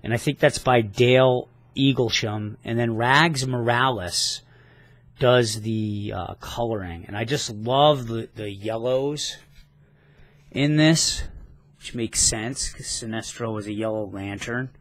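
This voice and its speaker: A man's voice: mid-range voice, slow pace, dry recording. A man talking casually in a rambling, enthusiastic comic book review vlog, now and then swearing.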